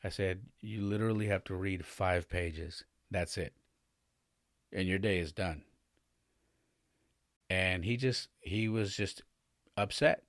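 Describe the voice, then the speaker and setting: A man's voice: low-pitched, takes it slowly, long pauses, fairly bright tone, no room sound, clean studio sound. A man in his forties hosting a podcast, telling a candid family story and acting out the dialogue, his voice climbing as he gets worked up. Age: 40s. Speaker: podcast host.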